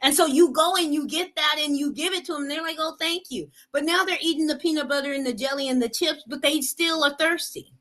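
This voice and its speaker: Earnest high-voiced woman giving a pep talk. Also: fast talker, few pauses, fairly bright tone, rough recording. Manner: earnest, repetitive, asks "right?" often. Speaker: motivational speaker. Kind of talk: motivational talk.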